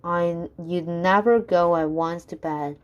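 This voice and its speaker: A woman's voice: fairly low pitch, fairly even intonation, takes it slowly, dull audio. A woman voicing an exasperated, strict mother scolding her child, in a storybook reading.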